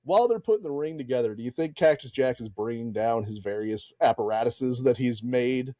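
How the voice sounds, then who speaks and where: A man's voice: mid-range voice, brisk, mellow, no echo. A man co-hosting a casual wrestling podcast, joking and laughing often. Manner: laughs often, jokey, acts out voices. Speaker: podcast co-host.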